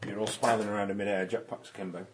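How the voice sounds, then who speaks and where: A man running a tabletop game as game master, describing the action in a relaxed, halting way with frequent ums. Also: lowish voice, crowd noise.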